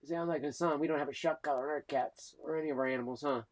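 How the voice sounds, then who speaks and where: A man hosting a casual live stream, cooing affectionate baby talk and soft murmurs. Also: a little high, fairly even intonation, fast, dry recording. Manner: coos affectionate baby talk at a pet cat; soft-spoken, drifting between murmurs and bright calls.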